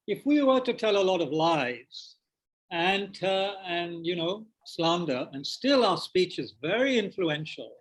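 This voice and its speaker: Through a rough recording comes a high, slightly rough male voice: a meditation teacher giving a dharma class with questions at a meditation centre. He chews biscuits while speaking, halting often with fillers and fresh starts.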